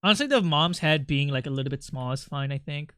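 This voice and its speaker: Rambling, playful streamer with a bright voice. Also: mid-range voice, lively intonation, fast talker, clear, resonant tone, no echo, clean studio sound. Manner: rambling, playful, many fillers. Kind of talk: casual livestream chat while drawing.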